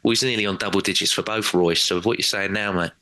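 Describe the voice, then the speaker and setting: A man talking football as a regular on a casual podcast, animated and rambling, often acting out quotes in other voices. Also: sits low, fast.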